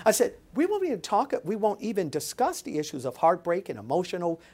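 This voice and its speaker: A woman's voice: lowish voice, wildly swooping pitch, a little fast, a little mellow. A woman speaking as an interview guest, with an emphatic, preacher-like delivery. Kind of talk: animated interview talk.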